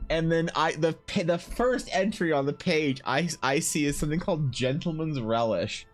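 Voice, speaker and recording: On a livestream with soft music in the background, a man from Ukraine reads and riffs at a moderate pace, his voice a little high. He's casual and animated, swearing plenty and feigning outrage.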